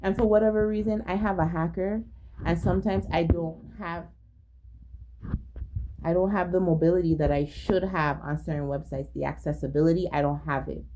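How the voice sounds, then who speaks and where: A woman's voice: on the low side, fairly even intonation, normal speed, dark tone. A woman telling a personal story in a casual monologue, agitated, profane, emphatic and repetitive. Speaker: storyteller recounting a personal incident.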